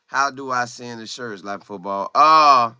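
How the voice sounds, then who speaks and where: A man hosting a casual football livestream, greeting viewers by name and talking in animated, quick bursts. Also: mid-range voice, smooth, no room sound. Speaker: livestream host. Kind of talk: casual live chat about football.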